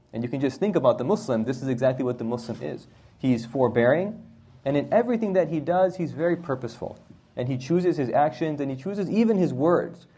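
A man teaching an Islamic history class in an animated way, often asking rhetorical questions and adding "right?". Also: medium pitch. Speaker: religious teacher.

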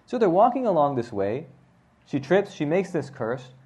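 Man, slightly high voice, conversational religious lesson, storytelling, checks in with "right?". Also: very animated, moderate pace, darkish tone, breathy edge. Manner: conversational, often adds "right?" to check with listeners. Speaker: religious teacher.

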